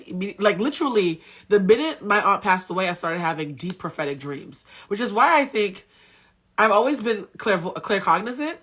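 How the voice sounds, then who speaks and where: Candid coach on a live stream, woman with a bright, forceful voice, blunt and cussing. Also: mid-range voice. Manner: candid, blunt, swears freely. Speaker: spiritual coach and tarot reader. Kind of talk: casual live-stream storytelling. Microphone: phone.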